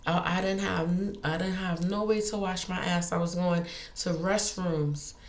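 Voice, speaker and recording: Woman vlogging, feisty and animated, fairly low voice, roomy echo. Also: measured pace. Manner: animated, feisty, talks in bursts with restarts. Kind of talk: casual storytelling monologue.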